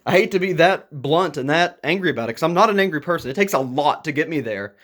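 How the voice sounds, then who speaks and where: A man talking to camera in a frustrated, agitated rant, breaking into nervous laughs, his voice jumping higher when worked up. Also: animated, quick pace, fairly bright tone. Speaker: YouTuber.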